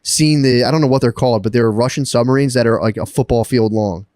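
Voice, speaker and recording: A man telling a long story on a podcast in a rambling, profane, excitable way. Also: medium pitch, quick pace, no echo. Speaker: podcast co-host. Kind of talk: casual storytelling chat.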